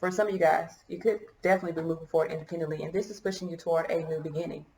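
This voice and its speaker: A woman's voice: fairly low pitch, fairly even intonation, very fast, darkish tone, roomy sound, a little hiss or hum, low-quality recording. A woman giving a casual tarot reading to her viewers, musing and hesitant as she thinks aloud, choked up and coughing at times. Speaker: tarot reader.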